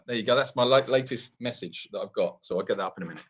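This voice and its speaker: A man's voice: medium pitch, expressive, brisk, pushed and bright, breathy edge. A man co-hosting a casual live Q&A from an animal sanctuary, a chatty storyteller who often laughs at his own tales. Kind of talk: casual live-stream chat.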